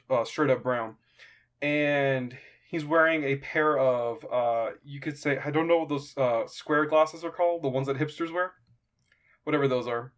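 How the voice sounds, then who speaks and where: A young man narrating a tabletop game as game master, halting and stopping often to find his words. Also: medium pitch. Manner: halting, lots of fillers and restarts.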